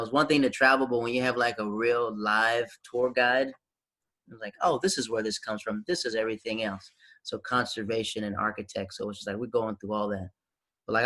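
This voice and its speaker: A man in his thirties, originally from the Southern United States, chatting casually on a podcast. His voice is bright and forceful. He tells stories with animation and acts out what people said. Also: mid-range voice. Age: 30s. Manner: animated, acts out quotes, frequent restarts. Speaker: podcast host. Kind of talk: casual storytelling chat.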